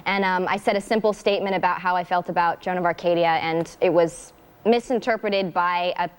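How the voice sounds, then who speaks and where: A woman's voice: on the low side, brisk, clean tone. A young woman chatting as a talk show guest, telling anecdotes with giggles and fillers. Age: young adult. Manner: lively storytelling with giggles and fillers. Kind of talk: casual chat.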